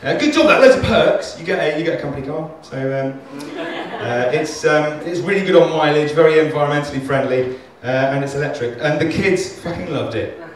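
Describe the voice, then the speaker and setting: A man's voice: a little high, a little fast, hardly any pauses. A man doing a stand-up comedy set, rambling, self-deprecating and sweary. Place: comedy club stage. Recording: echoey club, recorded from far off.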